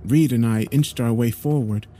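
A man narrating a horror story in a measured, grave storytelling manner. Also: medium pitch, warm tone.

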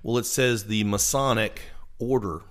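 A man's voice: lowish voice, unhurried, fairly bright tone. A man hosting a casual talk show, explaining things at length and laughing easily.

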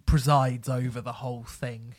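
A man chats about records with eager enthusiasm, often restarting his sentences. His voice sits at a middle pitch. The recording is dry and close, with little room sound. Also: flat delivery, moderate pace, no echo. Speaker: music podcast co-host. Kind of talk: casual chat.

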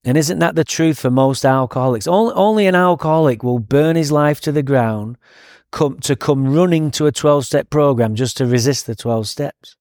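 A man with a Manchester accent telling his recovery story on a podcast, profane and animated, laughing often. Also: medium pitch, normal speed, no room sound, clean studio sound. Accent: Manchester English. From England. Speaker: podcast guest. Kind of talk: recovery story, casual chat.

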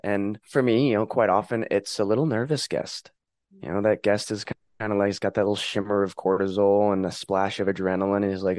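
A man speaking calmly and earnestly in a reflective conversation, sometimes acting out inner voices. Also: fairly low pitch, brisk, no echo, clean studio sound. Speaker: podcast guest.

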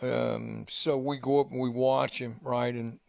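A man's voice: medium pitch, level tone, measured pace, gravelly, a little mellow, no echo, clean studio sound. An older man hosting a sports radio show, telling long rambling anecdotes with many restarts and "right?" tags. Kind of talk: casual radio storytelling. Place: radio studio.

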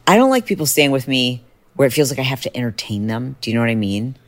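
A middle-aged woman hosting a podcast, chatting casually and telling a story with lively jumps in pitch when excited. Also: fast. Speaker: podcast host. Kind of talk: casual chat.

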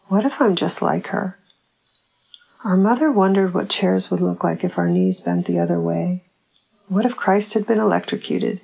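A woman reading a literary short story aloud in a dry, measured storytelling way. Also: on the low side, creaky, darkish tone, breathy edge, rough recording. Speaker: audiobook reader.

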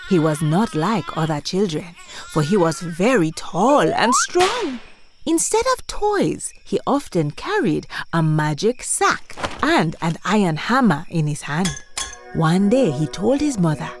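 A woman narrating a children's folk tale, expressive and animated. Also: fairly low pitch, a little slow. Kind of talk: storybook narration. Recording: music underneath.

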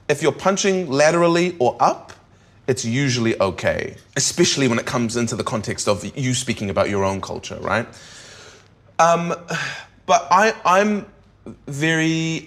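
Male comedian guest, mid-pitched, candid, thinks aloud with restarts. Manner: thoughtful, with frequent restarts and tag questions. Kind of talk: candid interview talk.

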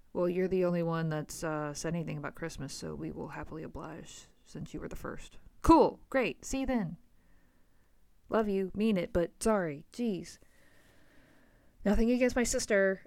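A woman's voice: medium pitch, clean tone, no echo. Podcast host, woman, thirties, blunt and fed up, swears a lot, dead-dry recording. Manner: frank, exasperated, swears freely. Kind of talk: casual solo podcast venting.

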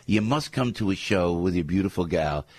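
A man from New Jersey who works as a stage performer, talking as a radio guest in an animated, gushing way and repeating himself as he goes. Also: low-pitched, moderate pace, breathy edge, dry recording.

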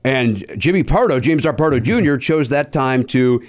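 A man telling a long story in casual podcast chat, animated and a bit profane, with high mock voices for people he quotes. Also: normal speed, no echo. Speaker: podcast host.

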